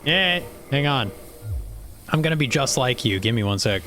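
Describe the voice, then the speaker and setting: A man's voice: mid-range voice, lively intonation, normal speed, bright, forceful tone, soft background music. A man streaming a video game live, chatting casually, swearing and laughing as he plays. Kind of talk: casual live gameplay commentary.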